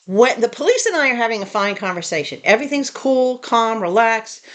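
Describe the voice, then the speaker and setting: A woman vlogger telling a story casually to her viewers, in an animated, indignant way. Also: a little high, brisk. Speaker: tiny home vlogger.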